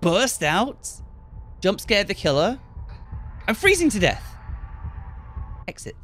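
A man giving excited commentary on a horror game while playing, swearing often and switching between low mutters and sudden yells. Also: takes it slowly, faint music behind. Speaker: gaming video creator. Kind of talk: gameplay commentary. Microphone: gaming headset.

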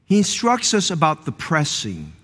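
A male pastor delivers a sermon in a high, bright, forceful voice. He preaches with emphatic, climbing cadences, repeating phrases for weight. The sound carries the long reverb of a church sanctuary. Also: wildly swooping pitch, moderate pace, slightly rough.

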